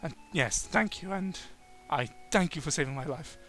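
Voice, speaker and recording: A man's voice: on the high side, normal speed, sharp tone, faint music behind. A man voicing a polite young male chameleon hero who stammers and apologizes, reading game dialogue aloud. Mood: worried.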